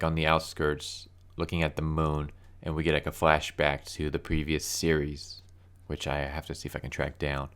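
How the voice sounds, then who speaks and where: A man's voice: rumbling low, fairly bright tone, clean tone. A young man casually reviewing a comic book issue, rambling with lots of fillers and restarts.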